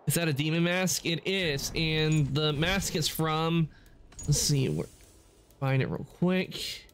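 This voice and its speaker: A man's voice: a little high, animated, takes it slowly, a bit bright, slight background noise. A man streaming a game live, chatting casually and correcting himself as he rambles along. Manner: rambling, with frequent self-corrections. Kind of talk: casual gameplay commentary.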